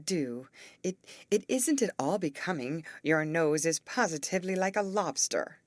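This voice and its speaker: A woman voicing a brisk, bossy teenage girl who leads her friends and coaxes them along. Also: lowish voice, lively intonation, no room sound. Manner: brisk and coaxing.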